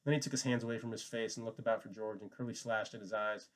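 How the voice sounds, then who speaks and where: A man narrating a classic novel in a measured, steady reading voice that sits on the low side. He keeps the narration even and plain between the characters' lines. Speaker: audiobook reader. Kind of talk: novel read aloud.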